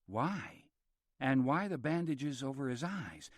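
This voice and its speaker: Measured male audiobook narrator. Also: medium pitch, sing-song, dry recording, clean studio sound. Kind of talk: scripted narration.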